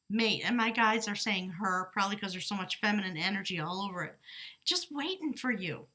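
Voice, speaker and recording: Chatty tarot lady at her desk at home, kinda high bright voice, laughs a lot, keeps fixing what she just said. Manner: chatty, laughs often, corrects herself mid-sentence; talks aloud to her spirit guides. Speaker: tarot reader. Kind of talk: casual tarot reading to camera. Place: desk in a small house by an open door.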